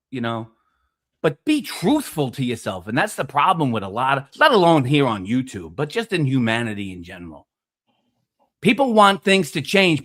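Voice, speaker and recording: A man ranting in casual streamed panel chat, profane and preachy, with loud emphatic bursts. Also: on the high side. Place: online streaming call.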